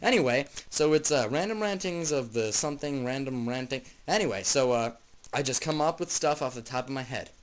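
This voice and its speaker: A young man ranting off the top of his head in a rambling, jokey way, swinging from mumbles to yells. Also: medium pitch, animated, fairly quick, slight background noise, rough recording. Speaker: vlogger. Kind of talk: improvised comic rant.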